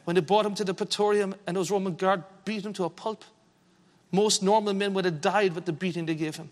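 A man preaching a sermon, earnestly reading scripture aloud slowly with emphasis. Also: high-pitched, fairly even intonation, long reverb tail.

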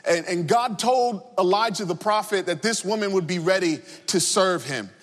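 A man with a notably high voice reads a scripture passage and moves into a sermon. He speaks earnestly and deliberately, circling back over his words as he works toward his point. A long reverb hangs on the recording. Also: fairly bright tone. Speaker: preacher.

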